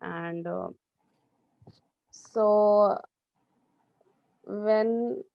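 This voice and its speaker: A woman's voice: medium pitch, unhurried, vocal fry, long pauses, dry recording, lo-fi sound. Candid young woman, joking. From India. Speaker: panel speaker. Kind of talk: personal testimony at an online panel.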